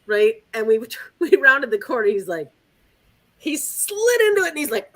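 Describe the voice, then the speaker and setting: A woman dog trainer chats with guests, her voice bright and a little high. She tells stories animatedly, slipping into playful voices for her dog. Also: moderate pace. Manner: animated storyteller, acts out her dog's voice with giggles. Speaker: dog trainer and podcast host. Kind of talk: casual chat.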